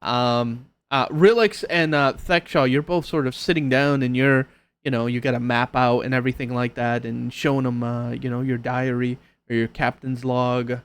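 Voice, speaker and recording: A man narrating as game master, hesitant and filling pauses with uh and um. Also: mid-range voice, fairly even intonation, clean tone. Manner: hesitant, lots of uh and um.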